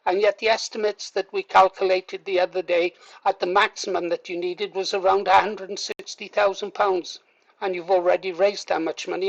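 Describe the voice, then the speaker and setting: A man's voice: sits high, flat delivery, fairly quick, gravelly, dull audio. Sarcastic man heckling a clip. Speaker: reaction video host. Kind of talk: commentary over a played clip.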